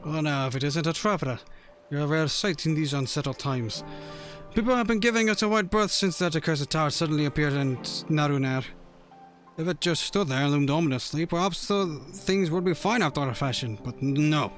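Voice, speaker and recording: A man's voice: on the high side, fairly quick, faint music behind, natural voice. A man voicing a weary, downcast harbor merchant in a video game, reading the lines in a gloomy, sighing way.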